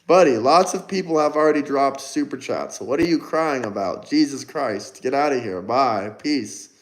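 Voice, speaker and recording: A man's voice: mid-range voice, expressive, normal speed, rough recording. A man hosting a casual livestream, firing mocking, combative replies at his chat. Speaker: livestream host.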